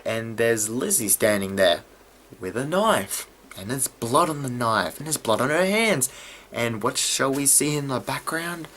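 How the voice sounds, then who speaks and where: A man giving a casual video review of a TV episode, excitable and often stumbling over his words. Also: mid-range voice, a little hiss or hum. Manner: excitable, stumbling and restarting mid-sentence.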